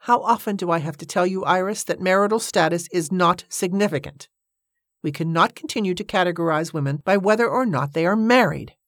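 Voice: medium pitch, a little fast, fairly bright tone, dry recording, studio quality, close to an everyday voice. Narrator putting on a bossy woman campaigner. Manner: commanding, lecturing.

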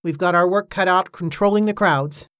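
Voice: mid-range voice, moderate pace, fairly bright tone, smooth, no room sound, clean studio sound, lightly acted. A narrator voicing a plain-spoken male police sergeant in an audiobook. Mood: matter-of-fact. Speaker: character in an audiobook.

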